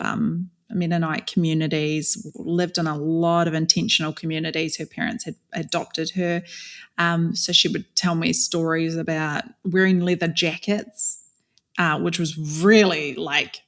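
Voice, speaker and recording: Candid woman from New Zealand, lowish voice. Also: little pitch movement, normal speed, fairly bright tone. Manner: candid, conversational, frequent fillers and restarts. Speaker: guest. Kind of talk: podcast interview storytelling.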